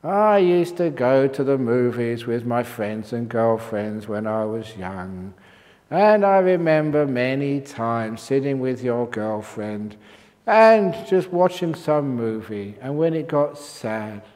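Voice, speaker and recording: An older man giving a meditation talk at a retreat, an animated storyteller whose voice jumps high for quoted outbursts. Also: slow. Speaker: meditation teacher. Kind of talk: dharma talk with humorous stories. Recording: reverberant hall.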